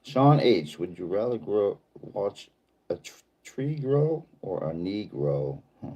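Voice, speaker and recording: Reading through viewer comments on his casual livestream, a middle-aged host from Boston rambles along in a laid-back way with a Boston accent. His lowish, dark voice is very animated yet slow.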